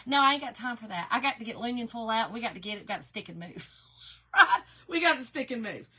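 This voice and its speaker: A woman's voice: fairly high pitch, animated, fast talker, bright, forceful tone, slightly rough. A woman with a Southern Appalachian accent, chatting casually to her viewers as a crafting host, telling stories and laughing often. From Kentucky and Georgia, USA.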